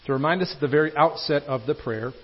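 Husky preacher, earnest and emphatic. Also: male voice, on the high side, quick pace. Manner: earnest, emphatic preaching with wide swings from loud to hushed. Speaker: pastor. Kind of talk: sermon. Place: church sanctuary. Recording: dull lo-fi sermon recording.

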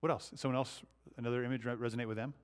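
A man's voice: medium pitch, steady tone, rapid-fire. Conversational man leading a Bible study. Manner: conversational, poses questions to the group. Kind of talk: interactive Bible teaching.

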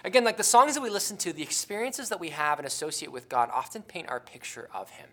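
A man preaching a sermon in an earnest, conversational way, with many "uh" fillers and restarts, slowing down to repeat key questions for emphasis. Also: high voice, lively intonation, sharp tone.

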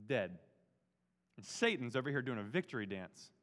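A man's voice: medium pitch, very animated, normal speed, a bit bright. A man preaching a sermon as pastor, emphatic and casual, mixing everyday slang into his preaching. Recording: long reverb of a large hall.

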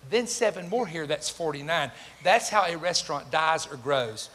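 In a church sanctuary whose reverberant hall holds faint ambient noise, an older pastor with a somewhat high voice preaches at a normal speed. His sermon is full of stories where he performs the characters' voices, and he's animated, joking with the congregation.

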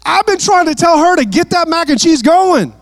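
A man's voice: very high-pitched, expressive, moderate pace, voice pushed up. A man doing Martha, a frustrated woman hostess. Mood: exasperated. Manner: pleading, exasperated.

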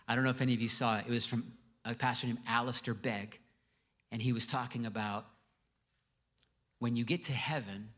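A man's voice: mid-range voice, bright, forceful tone. A male pastor giving a sermon to a congregation, conversational with joking asides. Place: church before a congregation.

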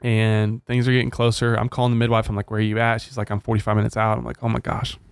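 A man in his thirties, co-hosting a podcast, telling a long story in casual chat and acting out the quotes with lively shifts of voice. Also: lowish voice, fast talker, vocal fry, clear, resonant tone, dry recording, studio quality. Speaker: podcast co-host.

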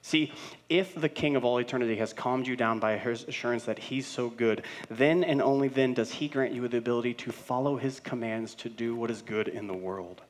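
Male pastor, sermon, earnest, builds with repeated phrases, swings loud to hushed, middle-aged. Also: mid-range voice, fairly quick. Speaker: senior pastor.

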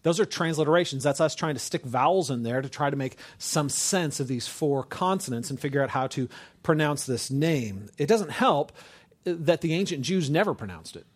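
A man's voice: on the high side, animated, moderate pace. A man preaching a sermon in an informal, conversational way, often checking in with his listeners. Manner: conversational, many restarts and "right?" asides. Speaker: pastor.

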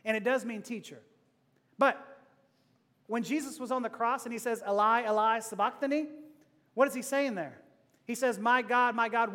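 A man preaching a sermon, playful and joking, dropping from loud to hushed and back. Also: high voice, long reverb tail. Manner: playful, laughing asides, swings from loud to hushed. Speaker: pastor.

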